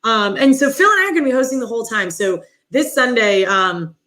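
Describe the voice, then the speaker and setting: A woman co-hosting a podcast, chatting casually with jokey, quick asides. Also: on the high side, lively intonation, sharp tone. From Boston area. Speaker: podcast co-host.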